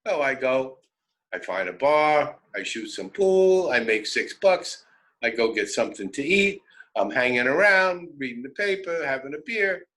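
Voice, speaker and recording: An older man in his seventies with a New York accent, telling personal stories on the radio in an animated, wry, conversational way. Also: mid-range voice, a little slow, low-quality recording. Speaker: radio host. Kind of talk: personal storytelling.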